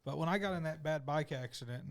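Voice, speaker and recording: Slightly high-voiced man teasing his co-host. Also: quick pace, a little hiss or hum. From United States. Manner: teasing, crude jokes. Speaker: podcast co-host. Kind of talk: casual banter.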